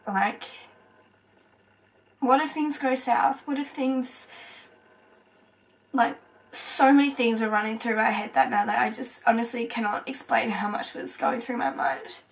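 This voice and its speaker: Young woman vlogger, tearful personal storytelling, higher pitch, set back from the mic. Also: far from the mic, low-quality recording. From Australia. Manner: halting, emotional, many fillers and pauses.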